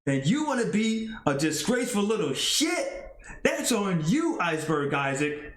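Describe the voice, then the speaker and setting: A man's voice: sits high, big pitch swings, unhurried, reverberant, pitched above the performer's own voice. A man voicing an indignant young male pro wrestler, scolding his former partner in a fired-up way.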